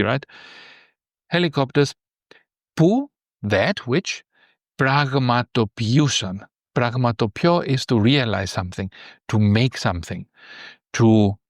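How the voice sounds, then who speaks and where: A man with a fairly low voice walks through vocabulary as a language teacher, patient and explanatory, often checking in with a quick "right?". The sound is dry and close, with no room around it. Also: no echo. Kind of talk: explaining vocabulary from a news text.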